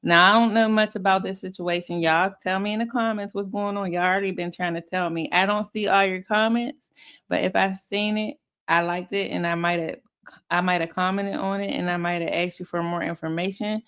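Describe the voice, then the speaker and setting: A woman's voice: medium pitch, steady tone, a little fast, a bit bright, clean tone. Woman commentary host with a mid-range voice: blunt, profane, laughs through her takes. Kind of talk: casual commentary.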